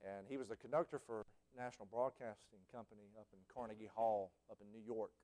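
A male preacher, giving a sermon full of stories. His voice drops low and then bursts out in shouts. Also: fairly even intonation, quick pace. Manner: storytelling, swings from hushed to shouting.

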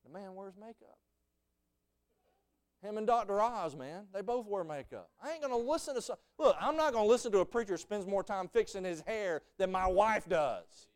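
Man, preacher, folksy sermon, smooth resonant voice, fairly high pitch. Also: lively intonation, normal speed. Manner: folksy storytelling, rising to shouted fervor.

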